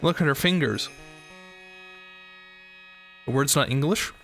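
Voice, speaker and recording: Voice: mid-range voice, slow, soft background music. An American streamer joking sarcastically and reading game text aloud during a let's play.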